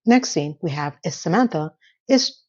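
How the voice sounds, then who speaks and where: A woman giving a casual, chatty recap of a TV episode, with animated delivery and sarcastic asides. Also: low-pitched, moderate pace, lo-fi sound. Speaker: TV episode reviewer.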